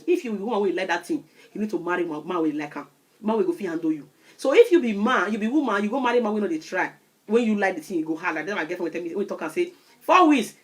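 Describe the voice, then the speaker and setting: A woman in her thirties with a Nigerian Pidgin-influenced English accent, giving animated advice to camera and often asking "you understand?". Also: medium pitch. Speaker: vlogger.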